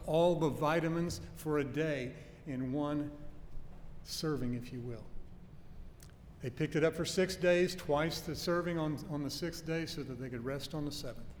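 A man preaching a sermon in an earnest, emphatic way, slowing down to stress key phrases. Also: a little high. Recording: faint noise and long hall reverb.

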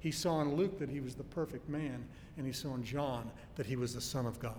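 A man's voice: fairly even intonation, fairly quick, darkish tone. A man preaching an expository sermon, teaching earnestly with emphatic stresses and homely anecdotes. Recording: long hall reverb with faint low rumble.

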